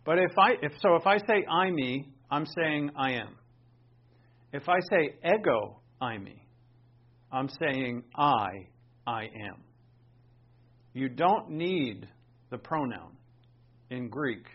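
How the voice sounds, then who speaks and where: A man preaching a sermon, animated, swinging between emphatic bursts and quiet asides. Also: mid-range voice, slow pace, pauses often, breathy edge. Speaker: pastor. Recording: dull lo-fi sound.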